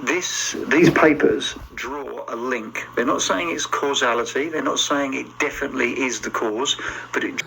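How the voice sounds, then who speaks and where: A man's voice: medium pitch, normal speed, vocal fry, crowd noise, low-quality recording. A man talking to camera as a commentator, careful and emphatic, hedging his claims. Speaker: social media commentator.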